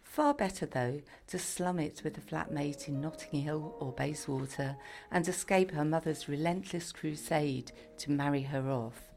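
A woman narrating a story in a steady, scripted reading. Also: sits low, measured pace, soft background music.

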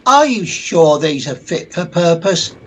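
A man's voice: a little high, sing-song, measured pace. A man playing Tom, a cheeky joking sidekick who keeps punning. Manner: teasing, punning, giggly.

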